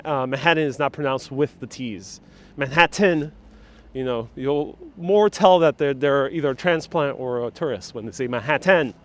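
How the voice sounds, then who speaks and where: Chatty New York man streaming a street tour. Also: a little high. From New York City. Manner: chatty, playful, answers viewers directly. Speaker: vlogger, live-stream tour guide. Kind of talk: casual live-stream walking tour, reading chat comments. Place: city streets outdoors. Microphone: wireless clip-on mic.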